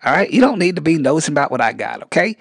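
A man's voice: a little high, very animated, very fast, no echo. A man playing a scrawny, touchy rural character, who rambles and drawls and keeps saying "man". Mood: defensive. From rural Arkansas. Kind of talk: comedic character interview.

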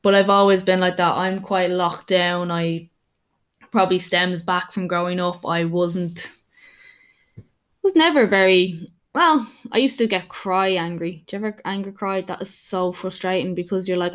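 A woman's voice: fairly low pitch, fairly even intonation, normal speed. A young woman who is a personal trainer hosting her own podcast, talking candidly in a rambling, casual monologue full of restarts.

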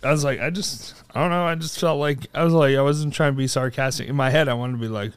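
A man's voice: mid-range voice, quick pace, smooth, dry recording. A man co-hosting a podcast, telling an everyday anecdote casually and acting out the quoted lines. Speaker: podcast co-host. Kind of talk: casual storytelling chat.

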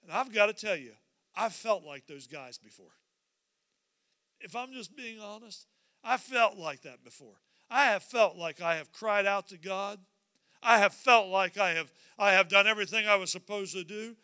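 Male pastor, sermon delivery, smooth and resonant, lively storytelling that dips into hushed confession. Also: high voice, normal speed, dry recording. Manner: animated, acts out the scripture scenes; drops to a quiet, confessional tone at times.

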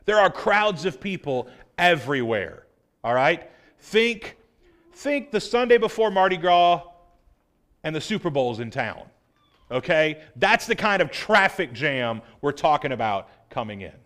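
A man's voice: fairly high pitch, sing-song, unhurried, a bit bright. A man pastor preaching a sermon, earnest and conversational, with casual asides.

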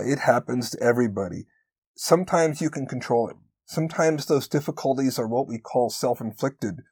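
A man co-hosts a conversational podcast in an earnest, encouraging manner. His pitch sits in the middle, and he slows down to stress his key points. The recording is close and dry. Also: darkish tone, dry recording. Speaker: podcast co-host.

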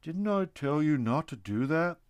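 A man's voice: a little high, animated, unhurried, no room sound, voice pushed up. A man voicing a mild, plain-spoken hermit who lives in a tree, in a storybook reading. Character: calm solitary man living in a tree.

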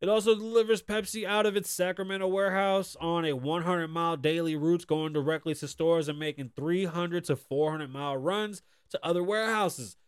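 An American man hosting a podcast, riffing on the news in a loud, profane and excitable way from a studio. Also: a little high, brisk, hardly any pauses, clear, resonant tone. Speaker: podcast host. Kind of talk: casual news commentary.

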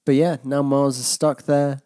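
A man with a mid-range voice, trading easy banter on a casual podcast. He sounds laid-back and dryly teasing, tossing out quick asides. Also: mid-range voice, level tone, mellow. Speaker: podcast co-host. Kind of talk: casual chat recapping a TV episode.

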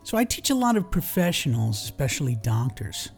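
A middle-aged man with a New York accent reads his English lesson podcast in a calm, explanatory way. His voice sounds warm and mellow, with touches of dry humor. Faint music plays behind him. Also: medium pitch, brisk, vocal fry. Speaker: English teacher and podcast host.

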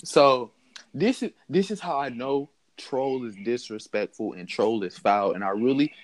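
A young man telling a story in casual chat, animated and mocking, laughing as he goes. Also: mid-range voice, measured pace. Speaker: podcast host telling a story.

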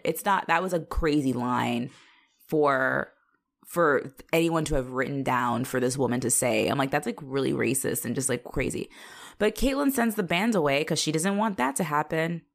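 A woman co-hosting a casual podcast, recapping a TV episode and swearing freely as she acts out the characters' lines. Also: low-pitched. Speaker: podcast co-host. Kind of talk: casual rewatch podcast chat.

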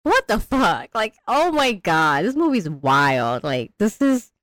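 Animated casual woman, dry close mic. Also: slow pace, no room sound, low-quality recording. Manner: animated, slangy, mimics characters in high voices. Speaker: podcast co-host discussing a film. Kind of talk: casual chat.

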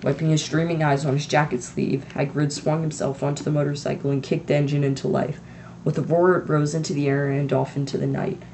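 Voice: mid-range voice, flat delivery, fairly quick, gravelly, a little mellow, a little hiss or hum. A teenager from the United States narrating an amateur audiobook in a plain reading voice, with self-critical asides. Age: teens.

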